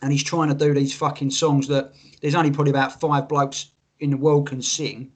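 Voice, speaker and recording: Man, slightly high voice, lively sweary podcast co-host, casual chat. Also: a little fast. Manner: animated, sweary, tells stories with quoted voices.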